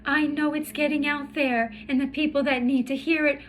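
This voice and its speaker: A tired woman sharing her personal story in a heartfelt vlog, halting and emotional, with many fillers and restarts. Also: high voice, steady tone, rough recording. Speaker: spiritual vlogger. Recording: music playing in the background.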